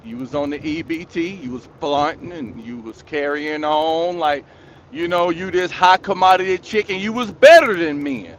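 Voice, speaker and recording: A man's voice: a little high, normal speed, muffled recording, slight background noise. A man hosting his own channel, delivering a scolding, preachy rant straight at his audience, repeating his points for emphasis. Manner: preachy, scolding, repetitive, addresses the audience directly. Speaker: commentary channel host. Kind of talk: ranting monologue commentary.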